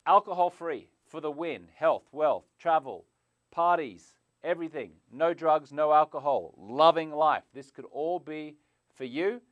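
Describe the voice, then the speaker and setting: Smooth-voiced man pitching on a live stream. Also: a little slow, dry recording, dull audio. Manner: animated, swinging between loud bursts and soft asides. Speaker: sobriety coach hosting a live stream. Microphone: clip-on lapel mic.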